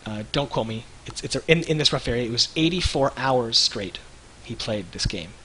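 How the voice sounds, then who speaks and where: A man in his thirties, co-hosting a livestream, telling rambling animated stories with lots of restarts. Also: medium pitch, normal speed, slight background noise, rough recording. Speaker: web show co-host. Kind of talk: casual livestream chat.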